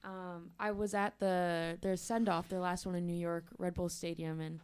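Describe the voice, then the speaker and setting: Lady soccer player guest on radio, smooth lowish voice, soft-spoken, kinda hesitant. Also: little pitch movement, normal speed. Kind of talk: casual sports talk. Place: radio studio.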